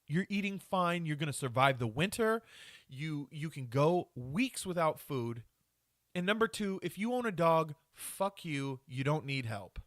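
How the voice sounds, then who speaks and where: This solo podcast host is a man whose voice is on the high side, with lively intonation and a slow pace, recorded in studio quality with no room sound. He rants crudely with plenty of swearing, laughing at himself in a self-mocking way.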